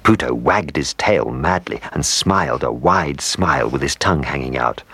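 A man reading a children's story aloud, gentle and animated, with playful asides to the listener. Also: extremely low pitch, normal speed, slightly rough, no room sound. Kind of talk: scripted storybook narration.

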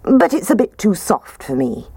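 A woman's voice: mid-range voice, sing-song, normal speed, mellow, husky, no room sound, pitched above the performer's own voice. A woman voicing a fussy little girl tasting and testing things in a storybook reading.

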